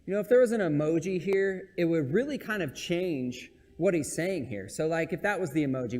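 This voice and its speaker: A man's voice: a little high, lively intonation, a little fast, darkish tone, big-room sound. A man preaching a conversational sermon in a church, talking in a casual, joking, self-deprecating way. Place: church sanctuary.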